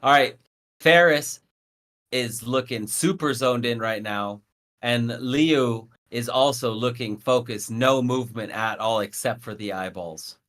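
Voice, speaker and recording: A man's voice: mid-range voice, unhurried, a bit bright. Tired young male esports co-caster. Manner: dry, teasing, analytical. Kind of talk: live esports commentary.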